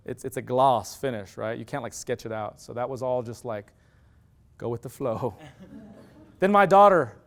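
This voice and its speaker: A middle-aged man giving an animated storytelling lecture, acting out quoted dialogue. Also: mid-range voice, unhurried, creaky. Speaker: university lecturer.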